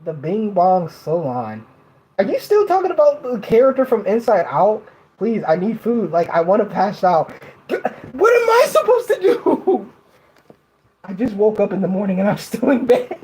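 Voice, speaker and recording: A woman's voice: medium pitch, sing-song, mellow, slight background noise, low-quality recording. A woman hosting a casual livestream from her bed, giggling between lines and often stopping to restart her sentences. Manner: halting, restarts a lot. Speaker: livestream host.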